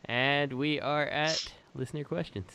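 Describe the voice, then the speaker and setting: A man's voice: on the high side, fairly even intonation, a little slow, a crowd in the background. A man co-hosting a casual podcast, moving the show along in an offhand, hesitant way. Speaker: podcast co-host. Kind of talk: casual group chat.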